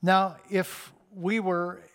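A male pastor delivers a sermon, first reading a passage aloud and then preaching on it. His voice sits high for a man, and he speaks slowly and deliberately. He lifts his voice with force on the lines he wants to stress. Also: level tone, fairly bright tone. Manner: slow, deliberate delivery with emphatic rises.

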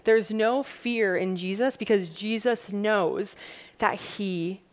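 A woman's voice: medium pitch, takes it slowly. A woman preacher giving a sermon in a conversational, plain-spoken way, repeating her key points. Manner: lively, acts out quotes in a mock-panicked voice.

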